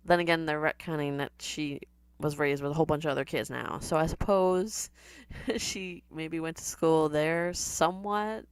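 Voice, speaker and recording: A woman giving casual, sardonic reaction commentary on a TV episode, chatty and quick to laugh. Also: low voice, smooth, dry recording.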